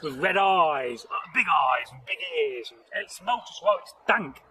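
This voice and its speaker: A man with a high, bright voice tells an old folktale outdoors, chatty and rambling and peppered with "you know" asides. There is a faint hiss under the voice. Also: animated, measured pace, low-quality recording. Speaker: storyteller host. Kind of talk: rambling casual folktale telling. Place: outdoors in nature.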